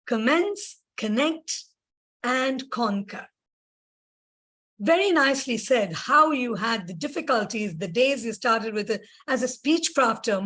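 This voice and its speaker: A woman giving a measured, gracious evaluation of a speech at a club meeting. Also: fairly high pitch, fairly bright tone.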